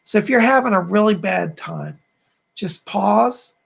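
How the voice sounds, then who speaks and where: Gravelly, husky-voiced male psychic host. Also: high-pitched, measured pace. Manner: effusive, warmly chatty, thanks viewers often. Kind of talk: live-stream psychic chat.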